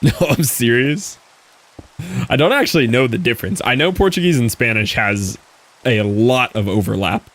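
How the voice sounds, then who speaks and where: While streaming a game, a man with a mid-range, slightly bright voice chats casually with viewers at a moderate pace, answering their messages and thinking aloud as he plays.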